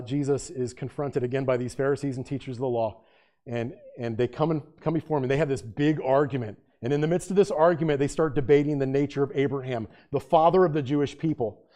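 A man preaching a sermon in a conversational way, reading scripture aloud with loud emphasis. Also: mid-range voice, brisk. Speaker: pastor.

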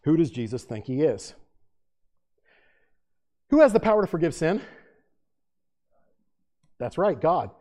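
A man's voice: a little high, very animated, a little slow, pauses often, darkish tone. A man preaching a sermon in a dramatic style, firing off repeated rhetorical questions and acting out the quotes he reads. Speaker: pastor.

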